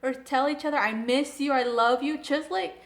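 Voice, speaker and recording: Gushing young woman with a high voice. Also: normal speed. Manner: gushing, filler-heavy, excitable. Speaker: anime reviewer. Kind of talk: casual chat.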